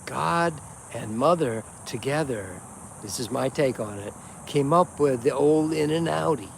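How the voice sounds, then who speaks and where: A man's voice: medium pitch, animated, unhurried, gravelly, slight background noise. A man hosting a casual livestream, ranting bluntly and preachily, swearing often. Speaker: livestream host. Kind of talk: casual unscripted rant.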